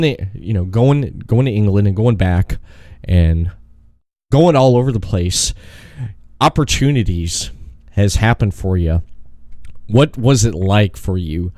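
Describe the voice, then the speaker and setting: A man hosts a podcast in a casual phone interview, telling long, rambling stories and laughing often. His voice is on the low side with a darkish tone, recorded at studio quality with no echo.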